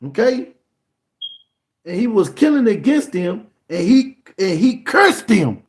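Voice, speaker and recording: A man preaching an emphatic sermon, repeating words and breaking into shouts. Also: sits high, big pitch swings, slow pace. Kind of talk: fiery sermon.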